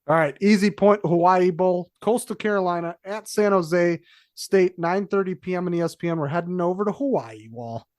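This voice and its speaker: A man with a fairly high voice talks sports picks in a loose, rambling way. He often stumbles and corrects himself and fills pauses with "uh". His voice sounds dry and close, with little room sound. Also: no room sound. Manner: rambling, self-correcting, frequent fillers. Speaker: podcast co-host. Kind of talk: casual sports betting chat.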